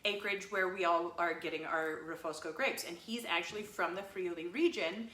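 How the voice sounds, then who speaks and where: A woman's voice: lowish voice, normal speed, bright, forceful tone. Upbeat woman, distant echoey mic. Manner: upbeat and playful, explaining. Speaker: winery co-owner podcast host. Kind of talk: casual chat. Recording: echoey room, mic a bit far.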